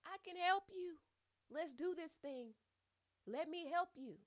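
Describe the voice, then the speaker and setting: A woman voicing a stern, assertive female physical therapist who barks orders in a loud, commanding way. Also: sits high, unhurried, voice pushed up. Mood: encouraging.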